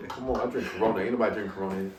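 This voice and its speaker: A Brooklyn, New York man appears as a guest DJ on a casual podcast chat, talking in a hyped, boastful way with lots of slang and a Brooklyn accent. His lowish, slightly mellow voice stays steady while he speaks rapid-fire, picked up by a distant mic in a roomy space with faint noise.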